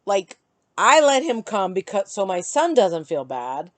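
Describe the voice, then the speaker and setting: A middle-aged woman vlogging, chatty and animated as she tells and vents about her day. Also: medium pitch, unhurried, dry recording. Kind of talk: casual storytelling to camera.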